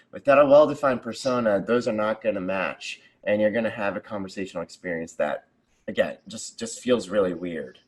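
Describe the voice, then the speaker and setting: Appearing as a guest on an interview show, this American conversation designer speaks casually in a fairly low voice. His enthusiasm for the work shows, and he brightens his examples with little character voices.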